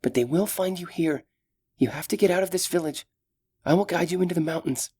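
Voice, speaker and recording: A man voicing a frightened but brave young female elf in an audiobook, speaking in urgent, hushed tones. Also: on the high side, a little fast, husky, pitched above the performer's own voice. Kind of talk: audiobook character voice.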